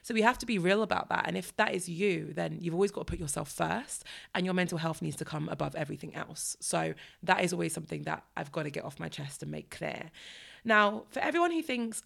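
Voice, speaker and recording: British woman with heavy vocal fry. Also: lowish voice, brisk, a bit bright. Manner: frank, chatty, self-deprecating. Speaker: podcast host. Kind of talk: solo podcast advice talk.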